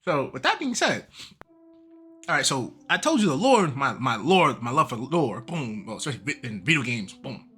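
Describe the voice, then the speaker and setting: A man hosting a casual manga and game recap, talking in an animated, slangy way and laughing often. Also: mid-range voice, normal speed, slightly rough, soft background music. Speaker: YouTube host.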